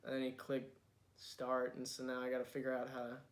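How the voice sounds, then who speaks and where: A man's voice: mid-range voice, completely flat delivery, brisk. A young adult man co-hosting a casual chat, rambling through funny anecdotes and acting out the people in them. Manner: rambling storyteller who acts out voices in his anecdotes. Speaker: podcast co-host.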